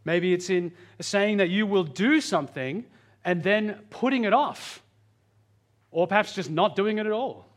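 Earnest high-voiced man preaching. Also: lively intonation, a little slow. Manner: earnest, varies pitch and pace for emphasis. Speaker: pastor. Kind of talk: sermon.

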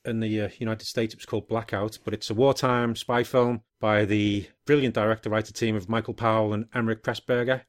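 A man co-hosting a casual film podcast, relaxed and rambling, thinking aloud with fillers. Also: on the low side, a little fast, hardly any pauses, no room sound, studio quality. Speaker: podcast co-host.

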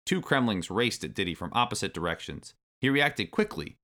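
Male storybook narrator, low and bright, very lively delivery. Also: normal speed. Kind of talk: storybook read-aloud.

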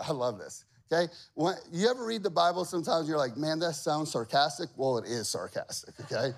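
A man preaching a sermon, reading scripture aloud with acted-out voices, jumping from loud emphatic lines to quiet asides. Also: on the high side, big pitch swings, moderate pace, creaky. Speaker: pastor.

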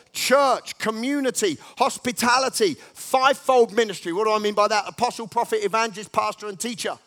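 A man preaching a sermon, exhorting the congregation in emphatic, repetitive bursts that jump from quiet talk to loud rallying cries. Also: high-pitched.

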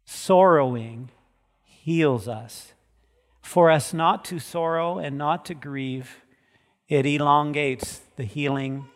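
A man preaching a sermon as pastor. He moves from soft, quiet passages to loud, emphatic peaks. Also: fairly high pitch. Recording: long reverb of a large hall.

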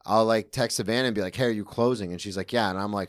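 A man's voice: on the low side, steady tone, fast talker, dry recording, clean studio sound. A man hosting a podcast in casual chat, wry and swearing freely. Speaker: podcast host.

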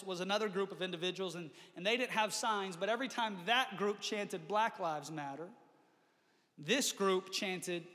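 A man's voice: sits high, pushed and bright, long reverb tail. A man preaching a sermon as pastor, earnest, often restarting with repeated words. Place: church.

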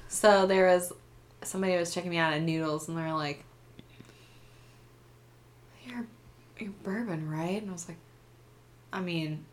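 A woman's voice: fairly low pitch, steady tone, normal speed, pauses often, a little hiss or hum. A woman co-hosting a podcast, speaking bluntly and swearing casually. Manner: blunt, swears freely, dry. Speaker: podcast co-host. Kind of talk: casual chat.

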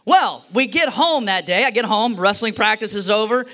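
A man's voice: sits high, moderate pace, bright, forceful tone. A man preaching a sermon, telling a personal story and acting out the voices in it with a playful manner. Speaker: pastor.

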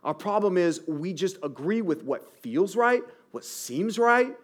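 A male pastor in his thirties delivering a conversational sermon. His voice sits a bit high for a man, and he keeps tossing rhetorical questions at the congregation in an animated, chatty way. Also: unhurried.

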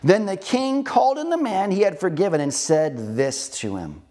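A man's voice: high voice, moderate pace, hardly any pauses. A man preaching a sermon, retelling a parable with casual asides to the congregation. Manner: conversational, animated storytelling, rhetorical asides. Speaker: pastor.

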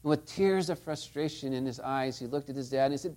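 A man's voice: mid-range voice, a little fast, hardly any pauses, dark tone. A man preaching a sermon, telling stories and asking the listeners rhetorical tag questions. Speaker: pastor.

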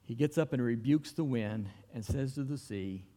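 A man preaching in a church, his voice trailing off into a long hall reverb. He talks in a relaxed, folksy storytelling way, with mid-range pitch, and now and then acts out the people he quotes. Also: normal speed. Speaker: pastor. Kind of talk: sermon.

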